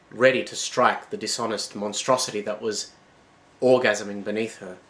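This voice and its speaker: A man's voice: on the low side, a bit bright, a little hiss or hum, rough recording. Man narrating a dramatic story. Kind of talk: scripted narration.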